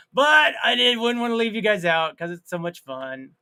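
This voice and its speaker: A man with a high, expressive voice chats casually while hosting a live stream. He reads comments from viewers aloud, laughs at his own jokes, drags out words, and has sudden loud outbursts.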